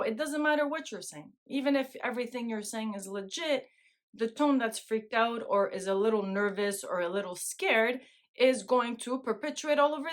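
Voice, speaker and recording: Middle-aged woman host, talky and loose, laughs a lot, voice sits a bit high. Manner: chatty, laughs often, keeps asking "right?". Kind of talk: casual monologue to camera.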